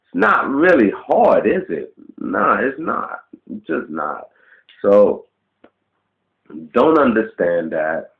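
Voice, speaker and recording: Man venting on a home video, mid pitch, profane and blunt, roomy dull lo-fi sound. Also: sing-song, slow pace, gravelly, long pauses. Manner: blunt, profane, ranting with rhetorical questions. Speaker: vlogger. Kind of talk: casual rant to camera. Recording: roomy, dull lo-fi webcam audio.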